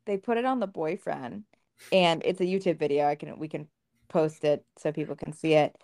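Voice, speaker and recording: Woman podcast co-host, frank and profane, slightly low voice, lively retelling. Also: brisk, gravelly. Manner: candid, swears freely, animated retelling. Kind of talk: casual podcast conversation.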